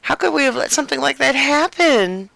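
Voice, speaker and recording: A woman's voice: high-pitched, lively intonation, a little fast, creaky, fairly bright tone, no echo, rough recording. A woman improvising a flustered, gushing role as a prank on a phone scammer, fussy and soothing by turns. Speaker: scambaiter playing a flustered caller.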